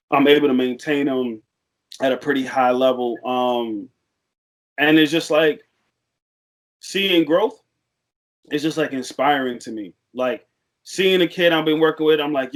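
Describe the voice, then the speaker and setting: A young man talking as a podcast guest, relaxed and rambling, with frequent fillers in casual chat. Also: mid-range voice, moderate pace, long pauses, poor audio.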